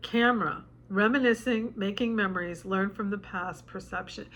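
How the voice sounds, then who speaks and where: A woman's voice: medium pitch, moderate pace, fairly bright tone, slight background noise. A woman giving a casual tarot reading to camera, chatty and emotional, her voice choked up with tears. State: tearful, choked up. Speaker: tarot reader.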